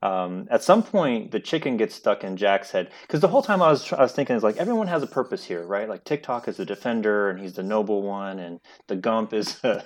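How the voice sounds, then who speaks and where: Low-voiced man recapping a plot. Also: expressive, brisk, few pauses. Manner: rambling plot recap, casual swearing. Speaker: podcast co-host. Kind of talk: casual chat.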